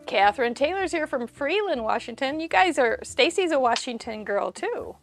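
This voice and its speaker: A woman's voice: high voice, very animated, normal speed, faint music behind. A woman hosting a live crafting stream, chatty and bubbly, greeting viewers by name and laughing often. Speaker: host of a live crafting show.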